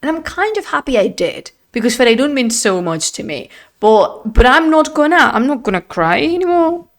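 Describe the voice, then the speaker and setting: With a high voice at normal speed, a chatty woman streams live on camera from her home, using a desk microphone. A native Spanish speaker, she's expressive, laughs often, and drifts into Spanish phrases during her casual chat.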